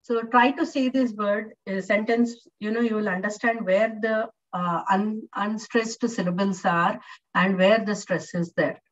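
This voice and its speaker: A woman's voice: medium pitch, steady tone, measured pace. Female English lecturer, online class, patient and repetitive with fillers, set back from the mic, muffled line. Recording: distant, dull lo-fi online audio.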